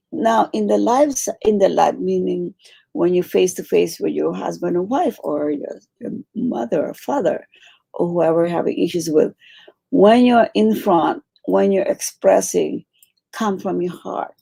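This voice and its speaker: A woman teaching a meditation class, coaching her students gently and repeating phrases for emphasis. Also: medium pitch, measured pace, gravelly, breathy edge. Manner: warm coaching, repeats phrases, acts out quoted pleas.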